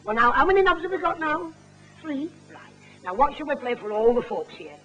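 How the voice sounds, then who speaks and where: A man's voice: very high-pitched, very animated, a little fast, a bit bright. A man from England with a Lancashire accent, performing a music hall puppet sketch in a fussy, coaxing manner. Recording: dull, faintly noisy 1950 film soundtrack.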